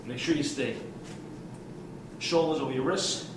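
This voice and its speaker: Man, energetic fitness coach, counts reps while working out, recorded from a distance in a noisy room. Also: a little high, a little slow. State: out of breath at times. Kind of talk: demonstrating warm-up drills. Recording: roomy, distant mic with ambient noise.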